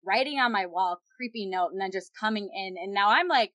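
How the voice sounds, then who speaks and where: A woman's voice: mid-range voice, fairly quick, no room sound. Dry close-up woman telling a story. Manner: animated, heavy use of "like". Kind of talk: casual storytelling.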